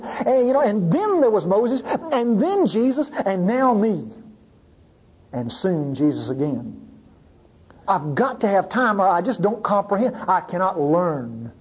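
Brief: male preacher, husky, animated sermon delivery, dull muffled recording. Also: high-pitched, normal speed. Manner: animated, pleading, swings from loud to hushed.

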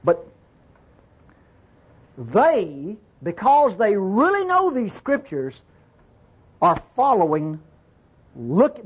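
A man teaching from the Bible in a relaxed, conversational way. He reads verses aloud, explains them, and keeps checking in with his listeners. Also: sits high, slightly rough.

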